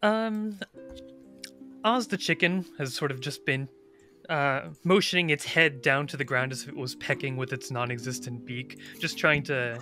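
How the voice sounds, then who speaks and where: A man playing a tabletop game, describing his character's actions in halting detail. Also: medium pitch, bright, forceful tone, soft background music. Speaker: player.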